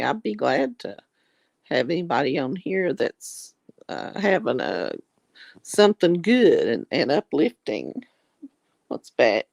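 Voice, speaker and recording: Slow gravelly Tennessee drawl woman. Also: low voice, darkish tone, dry recording. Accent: Southern US drawl, East Tennessee mountains. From East Tennessee, American South. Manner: folksy, affectionate, calls viewers darling and honey. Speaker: livestream host reading viewer comments. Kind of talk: casual livestream chat.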